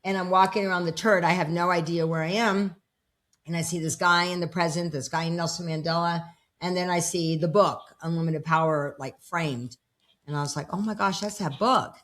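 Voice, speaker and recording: A woman's voice: on the low side, fairly even intonation, fairly quick, a bit bright. A woman in her fifties, a personal development coach, telling her story in a casual interview at home and acting out the dialogue. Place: home with dogs around.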